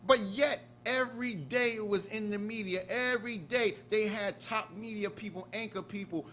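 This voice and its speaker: High bright-voiced preaching man. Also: moderate pace, slight background noise. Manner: preacherly, builds to loud emphatic peaks, colloquial. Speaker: minister giving a lecture. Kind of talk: mosque lecture. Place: mosque hall.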